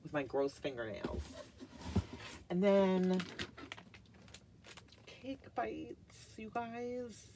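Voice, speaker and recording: Middle-aged woman, casual haul vlogger; slow, gushing delivery with lots of fillers and hushed asides. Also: mid-range voice, sing-song, noisy background. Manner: gushing, chatty, full of "like" fillers, drops to whispered asides. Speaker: vlogger reviewing wax melts.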